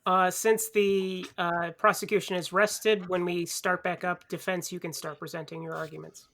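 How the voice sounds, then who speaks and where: A man's voice: high-pitched, little pitch movement, moderate pace, sharp tone. A man presiding as judge in a comedy podcast mock trial, speaking in a dry, procedural way.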